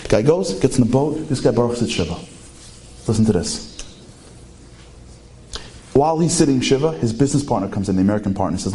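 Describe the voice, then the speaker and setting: A man telling an inspirational story in an animated way, his pitch leaping up for emphasis, with many rhetorical questions to the audience. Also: fairly quick, pauses often. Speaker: inspirational speaker.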